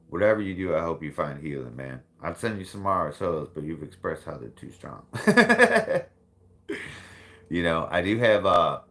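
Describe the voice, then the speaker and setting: A man's voice: a bass voice, creaky, fairly bright tone. A man hosting a casual talk stream, speaking bluntly with frequent swearing and laughter. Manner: blunt and profane, laughs often. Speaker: livestream host. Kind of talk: casual chat.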